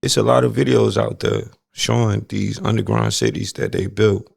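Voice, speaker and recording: Gravelly laid-back male vlog host. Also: fairly low pitch, big pitch swings, moderate pace, over loud music. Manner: laid-back, slangy, addresses viewers directly. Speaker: reaction channel host. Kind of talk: casual reaction commentary.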